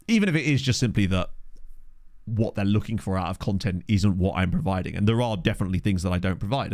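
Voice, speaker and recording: Male streamer, casual chat, animated voice, dry close mic. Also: low voice, dry recording. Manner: chatty, reads chat aloud, excitable reactions to match play. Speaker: streamer playing a football management game. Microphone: desk microphone.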